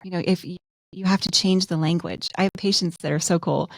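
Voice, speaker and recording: A woman's voice: lowish voice, steady tone, fairly quick, no echo. A woman who is a dentist co-hosts a podcast, talking earnestly in casual chat and telling everyday examples. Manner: earnest, storytelling with quoted examples.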